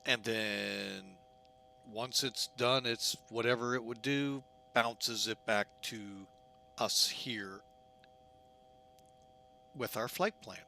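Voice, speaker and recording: A man's voice: mid-range voice, slow, creaky, pauses often, pushed and bright, a little hiss or hum. A man giving casual, jokey commentary while setting up a flight simulator, often poking fun at himself. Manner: chatty, jokey, self-mocking.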